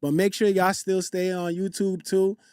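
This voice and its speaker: Male streamer, high voice, dry close sound; casual slangy chat-reader who repeats himself and shouts out viewers. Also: little pitch movement, moderate pace, smooth, no echo. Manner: loose slangy banter, repeats phrases, frequent shout-outs. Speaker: livestream host. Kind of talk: casual livestream commentary, reading chat aloud. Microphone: desktop USB condenser mic.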